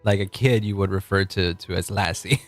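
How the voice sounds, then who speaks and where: A low-pitched man in his late twenties talks at normal speed, with no room sound and faint music playing behind him. He's a streamer chatting casually and rambling while he games live, laughing often.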